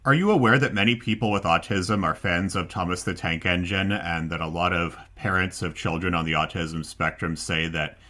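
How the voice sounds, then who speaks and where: A man hosting an interview podcast, asking steady, prepared questions. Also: deep voice, normal speed, hardly any pauses. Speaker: podcast host.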